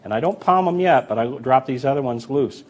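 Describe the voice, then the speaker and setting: A man's voice: medium pitch, fairly quick. A man casually teaching a coin sleight-of-hand routine, counting coins aloud as he demonstrates and telling stories of older magicians. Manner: relaxed, conversational, tells anecdotes with acted quotes.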